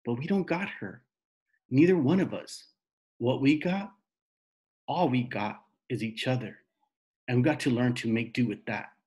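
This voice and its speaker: A stoic, grieving father who talks softly and plainly, as a man reads him. His voice sits at a middle pitch and moves slowly and evenly. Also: dull audio, close to an everyday voice. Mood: tender. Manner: soft, hushed, plain speech.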